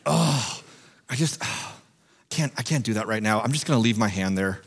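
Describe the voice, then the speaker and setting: A man's voice: fairly low pitch, animated, normal speed, creaky, husky, big-room sound, pitched below the performer's own voice, heavily acted. A man playing a lazy grown man who sighs and groans, too tired to lift his hand to his mouth. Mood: groaning, weary.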